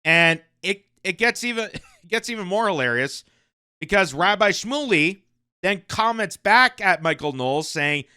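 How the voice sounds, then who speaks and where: Animated, mocking high-voiced male commentator. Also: moderate pace, clear, resonant tone, dry recording, clean studio sound. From Canada. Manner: animated, mocking, laughs between points. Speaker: commentary channel host. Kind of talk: opinion commentary on news.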